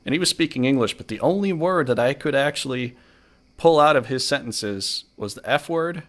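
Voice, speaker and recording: Guy hosting a podcast, just rambling along with lots of uhs, normal pitch. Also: expressive, normal speed, fairly bright tone. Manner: rambling, filler-heavy storytelling. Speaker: podcast host. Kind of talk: casual chat.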